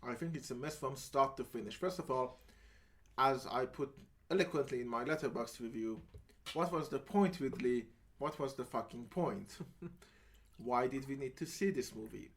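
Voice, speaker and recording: A man's voice: mid-range voice, normal speed. A man co-hosting a film podcast in casual chat, blunt and profane, laughing often as he talks. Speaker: podcast co-host.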